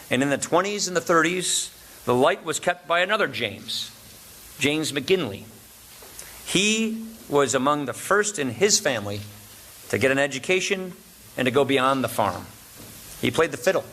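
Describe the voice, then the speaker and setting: A middle-aged man from Wisconsin giving a formal luncheon speech, and he pauses for laughs after his punchlines. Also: fairly high pitch, pushed and bright, slight background noise. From Wisconsin, USA. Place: large banquet room. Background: audience laughter and room ambience.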